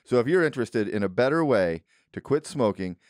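A man co-hosting a podcast, reading a sponsor ad in a deadpan, steady way in a studio. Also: mid-range voice, brisk, no echo. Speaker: podcast co-host reading ads. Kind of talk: ad read in casual chat.

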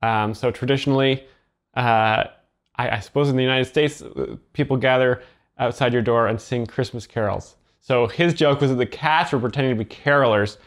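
Slow, halting man explaining jokes. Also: mid-range voice. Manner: slow, halting, literal-minded. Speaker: joke explainer. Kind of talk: deadpan commentary.

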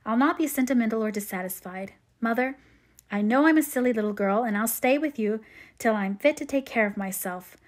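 A woman's voice: a little high, brisk, lightly acted. A woman reading aloud as a remorseful teenage girl confessing to her mother. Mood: earnest. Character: young woman, sixteen-ish, sweet and remorseful.

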